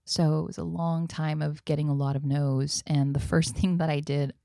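Low-voiced animated woman storyteller. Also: normal speed, gravelly, no echo, studio quality. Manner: animated storyteller who drops into Spanish phrases. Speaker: acting professor and actress, podcast guest. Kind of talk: casual conversational interview.

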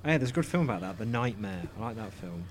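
A man's voice: fairly low pitch, lively intonation, fast, crowd noise. Man rambling on a podcast. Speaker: podcast co-host. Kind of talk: casual chat.

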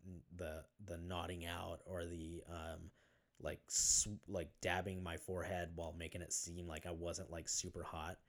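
Low-voiced man telling his story haltingly. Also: flat delivery. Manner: halting, many fillers and restarts; swears casually. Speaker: podcast guest. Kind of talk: casual interview storytelling.

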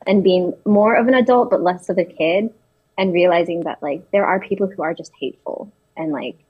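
A woman's voice: lowish voice, fairly quick, husky, dull audio. A young woman in her twenties, telling personal stories in casual talk, hesitant with many restarts and fillers. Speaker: interviewee.

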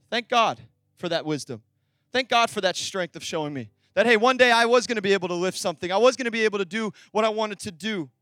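A young man delivers a lively sermon in a very high voice. The sound is dry and close, with no room around it. He tells stories and acts out the voices in them. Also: no echo. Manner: energetic, storytelling, acts out dialogue. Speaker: pastor.

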